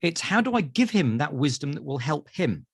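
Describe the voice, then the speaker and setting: A British man, a therapist, telling animated stories in an interview and acting out voices. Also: a little high, normal speed, gravelly, breathy edge, no echo, clean studio sound. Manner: acts out voices in anecdotes. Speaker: therapist guest.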